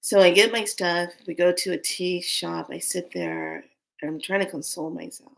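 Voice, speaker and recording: A woman's voice: lowish voice, very animated, normal speed, creaky. Earnest woman telling a grief story. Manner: earnest, drops to hushed whispers and rises in anger. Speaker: storyteller recounting a loss. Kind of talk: emotional personal storytelling.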